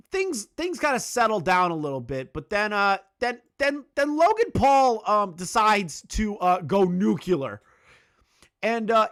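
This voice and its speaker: Animated, sarcastic male commentator. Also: a little high. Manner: sarcastic, mocking, swears a lot; filler-heavy, repeats words when restarting. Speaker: commentary YouTuber. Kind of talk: reaction commentary.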